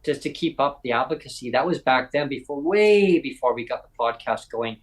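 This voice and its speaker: A man's voice: medium pitch, animated, a little fast, low-quality recording. A man from Canada co-hosting a live podcast, telling stories in a rambling way with many restarts. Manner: rambling storyteller, many restarts and acted quotes. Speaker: podcast co-host. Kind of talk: casual chat. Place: livestream from home.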